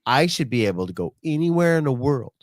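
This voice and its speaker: A man's voice: mid-range voice, big pitch swings, quick pace, no room sound, clean studio sound. A man co-hosting a podcast, chiming in agreeably during casual profane chat. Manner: agreeable, chimes in often. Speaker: podcast co-host.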